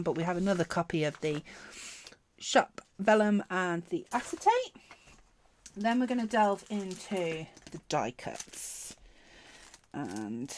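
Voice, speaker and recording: Woman, casual unboxing chat, excitable, gushing, very lively pitch. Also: a little hiss or hum. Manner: gushing, excitable, trails off mid-sentence. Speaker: planner vlogger.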